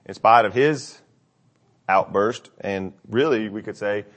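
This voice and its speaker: A man's voice: fairly low pitch, unhurried. A man preaching a conversational sermon, telling a scripture story with personal anecdotes and acting out the quotes. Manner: conversational, animated when quoting.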